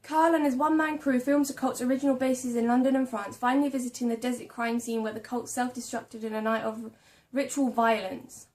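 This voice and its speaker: A woman's voice: on the high side, little pitch movement, fairly quick, hardly any pauses, darkish tone. A young woman chatting casually about books she bought, reading blurbs aloud and stumbling over names and hard words. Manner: reads book blurbs aloud. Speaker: book vlogger. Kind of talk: casual chat about a book haul.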